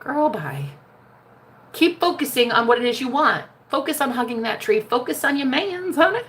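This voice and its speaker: Brief: brash, profane American woman coach, fairly high lively voice with some fry. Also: brisk. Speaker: spiritual manifestation coach. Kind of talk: casual livestream talk.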